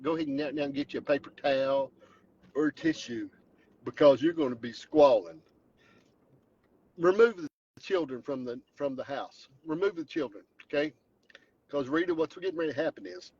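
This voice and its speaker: A vlogger drives home in his truck, telling an exaggerated, mock-dramatic story in a Southern Appalachian accent for a joking storytelling vlog. His voice is medium-pitched and darkish with a breathy edge, and the recording is dry and dull.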